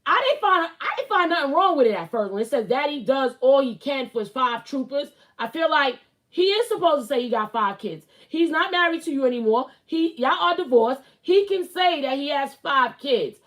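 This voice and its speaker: A woman's voice: high voice, lively intonation, moderate pace, a bit bright. Blunt, rambling woman vlogger. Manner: blunt, rambling, opinionated, with lots of "like" and repetition. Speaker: host. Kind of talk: casual celebrity gossip commentary.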